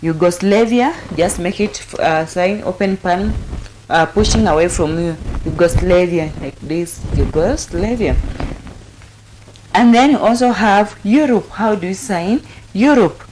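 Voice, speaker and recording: Slow, patient woman teaching signs. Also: lowish voice, slight background noise, rough recording. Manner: repeats each word several times, calm and patient. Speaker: sign language teacher and host. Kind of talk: slow step-by-step instruction.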